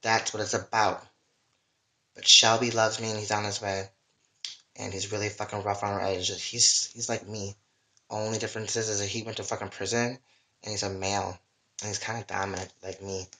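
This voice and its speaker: Bright-voiced livestreamer rambling emotionally. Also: deep voice, level tone, moderate pace. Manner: rambling and emotional, with heavy swearing. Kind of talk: casual livestream monologue. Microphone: webcam or phone mic.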